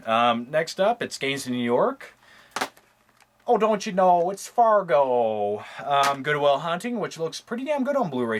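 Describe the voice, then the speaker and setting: A man casually touring his movie collection, talking quickly and offhandedly, cracking crude jokes and losing his train of thought. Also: medium pitch, fairly bright tone, slight background noise. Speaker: movie reviewer. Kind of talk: casual rambling collection tour.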